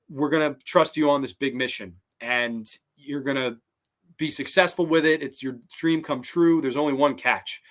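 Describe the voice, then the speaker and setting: Podcast host, casual rambling review, swears a lot, lots of fillers, baffled questions, mid-pitched voice. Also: fairly bright tone. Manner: swears freely, thinks aloud with many fillers.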